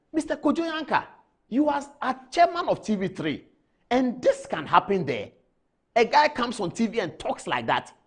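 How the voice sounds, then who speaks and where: A man with a Ghanaian English accent giving emphatic studio commentary as a TV news anchor, addressing people directly. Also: very high-pitched.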